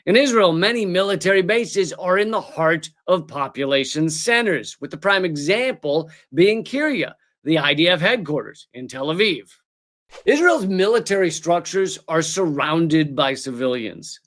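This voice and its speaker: Sarcastic high-voiced male comedy host. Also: a bit bright. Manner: sarcastic, mocking, exaggerated asides. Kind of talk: satirical political commentary.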